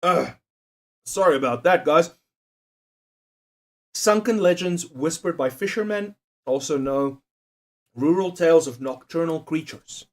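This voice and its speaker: A man's voice: a little high, animated, a little slow, pauses often. A young man chatting casually on a livestream, swearing and joking as he reads out quiz options. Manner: profane, jokey, reads quiz options aloud.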